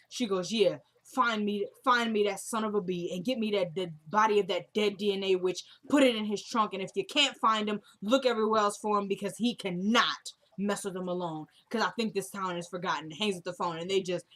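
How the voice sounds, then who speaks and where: A woman's voice: mid-range voice, fairly bright tone. A woman casually retelling a TV episode scene by scene, quoting each character's lines in her own voice. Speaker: TV show recapper.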